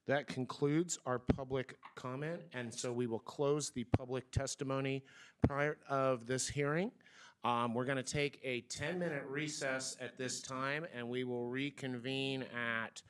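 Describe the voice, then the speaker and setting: A man's voice: mid-range voice, fairly even intonation, unhurried, a bit bright, clear, resonant tone. A man chairing a city council meeting, announcing procedure and correcting himself as he goes.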